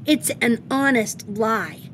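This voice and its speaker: A woman doing a high, insistent little girl bunny. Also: takes it slowly, noisy background. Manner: high, loud, childlike insistence. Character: precocious preschool girl bunny, stubborn fibber.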